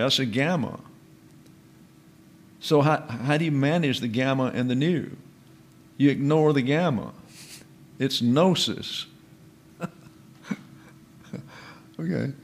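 Male pastor teaching doctrine, slow and precise, spells out greek words, medium voice. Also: medium pitch. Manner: deliberate, precise, repeats and spells out terms. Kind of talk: slow teaching sermon with Greek word study.

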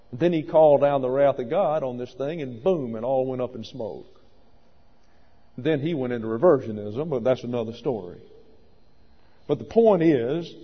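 A man delivers a sermon with a fairly high voice, emphatic and wry, sometimes stopping mid-phrase to correct himself. The sound is dull and lo-fi, with a long reverb from a large hall. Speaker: pastor.

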